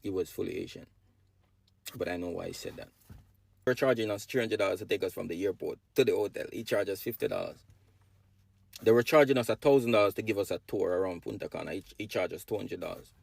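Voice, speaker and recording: A man's voice: low-pitched, fast, vocal fry, no room sound. A man giving an emphatic monologue to camera, repeating slogan-like lines with big swings in his voice. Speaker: social media creator.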